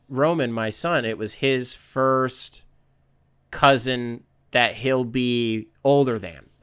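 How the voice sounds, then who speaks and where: A man hosts a podcast in casual, rambling chat full of fillers and the occasional swear word. His voice sits at medium pitch, smooth yet sharp in tone.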